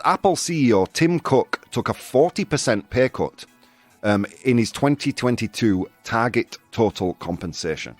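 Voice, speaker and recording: A man's voice: mid-range voice, darkish tone, no echo. A man hosting a casual live stream, chatting through the news and reading viewers' comments, chatty and self-deprecating, often laughing and stumbling over hard words. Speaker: podcast host.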